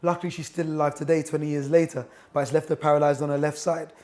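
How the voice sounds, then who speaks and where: A man's voice: fairly high pitch, level tone, quick pace, a little mellow. A man in his thirties, a boxing coach and author, telling stories as a chatty, enthusiastic guest in a gym. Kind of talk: casual interview chat.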